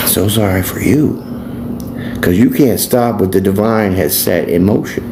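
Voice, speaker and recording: A man's voice: on the low side, a little slow. A man, a tarot reader and life coach, ranting bluntly and preachily in a profane vlog monologue. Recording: echoey room, faint background noise.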